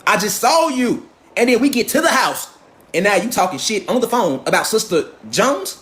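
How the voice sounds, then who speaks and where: A man's voice: high voice, very animated, moderate pace, a bit bright. A man in a profane, confrontational ranting monologue, firing rhetorical questions. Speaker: commentator.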